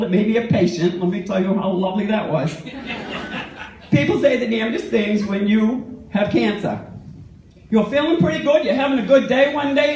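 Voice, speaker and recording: A woman's voice: on the high side, a little mellow, slight background noise. A middle-aged woman performing a stand-up comedy routine in a blunt, brash storytelling manner. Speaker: stand-up comic and teacher. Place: comedy club stage. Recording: roomy and distant, with audience laughter. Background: audience laughter.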